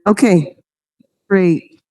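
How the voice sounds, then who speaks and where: A woman's voice: mid-range voice, darkish tone, poor audio. A woman at a public meeting, running microphone tests and checking that others can hear her. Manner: unhurried, runs mic tests.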